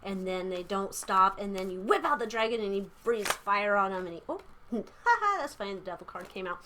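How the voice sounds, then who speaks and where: A woman's voice: medium pitch, very animated, fairly quick, sharp tone, slight background noise. A woman giving a casual tarot reading, rambling and chatty, irreverent, with casual swearing. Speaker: tarot reader.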